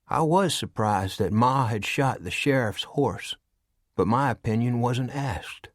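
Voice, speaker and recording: A man's voice: mid-range voice, animated, unhurried, dry recording. Male audiobook narrator, dry close sound. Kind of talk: scripted narration.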